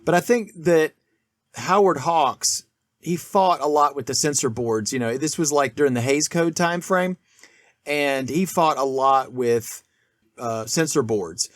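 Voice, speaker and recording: A man's voice: on the high side, a little slow, no echo, studio quality. A man co-hosting a casual film discussion podcast, rambling with many restarts and fillers. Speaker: podcast co-host.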